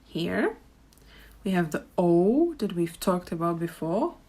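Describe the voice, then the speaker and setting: A woman's voice: on the low side, very animated, slow, dark tone. A young woman with a Czech accent, teaching pronunciation and repeating words carefully for learners. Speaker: language teacher. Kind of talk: pronunciation lesson.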